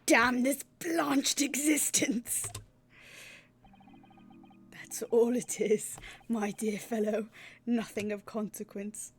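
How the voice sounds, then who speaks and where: A woman voicing a gloomy, theatrical gentleman detective in a put-on British accent, with a slow, mournful, melodramatic delivery. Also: a little high, steady tone, slight background noise. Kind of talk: reading game dialogue aloud.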